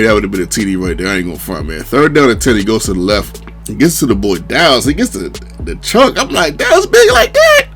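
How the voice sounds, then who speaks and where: A man commentates his own video game replay in a loose, slangy way, leaning on "man" and "you know." His pitch swings widely, shooting high when he quotes his own disbelief. Faint music plays underneath. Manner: animated, jumps to high pitch when quoting himself; relaxed slang, fillers like "man". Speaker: gaming commentator. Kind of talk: casual gameplay commentary.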